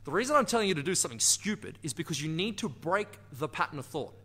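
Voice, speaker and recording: Lively, bright-voiced Australian dance coach. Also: male voice, fairly high pitch, fast talker, slightly rough. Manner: energetic, emphatic, laughs and acts out inner voices. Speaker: dance teacher and channel host. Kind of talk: motivational talk to camera.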